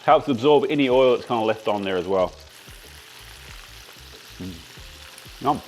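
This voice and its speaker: A man's voice: mid-range voice, lively intonation, measured pace, a little mellow, slight background noise. An Australian man hosting a casual cooking demonstration, chatty and enthusiastic as he talks while he cooks. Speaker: cooking show host.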